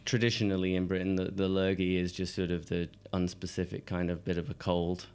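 A man co-hosting a podcast in casual chat, croaky and hoarse from a cold, joking and laughing between rambling asides. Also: sits low, little pitch movement, a little fast, a little mellow. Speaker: podcast co-host.

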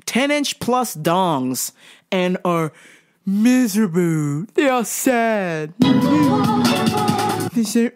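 A woman hosts her own show with a foul-mouthed comedic rant. Her voice swoops up and down with lively, animated pitch. Her delivery is brash and unfiltered. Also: very slow, pauses often, soft background music. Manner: profane, animated ranting. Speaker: vlog host.

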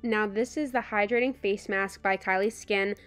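A woman's voice: medium pitch, fairly even intonation, normal speed, music in the background. A young woman chatting casually in a beauty vlog, talking to the camera with fillers and small laughs. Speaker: beauty vlogger.

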